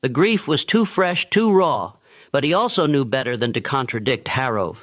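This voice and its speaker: A man giving steady, measured scripted narration of a dark historical story. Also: mid-range voice. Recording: dull, dry, lo-fi sound.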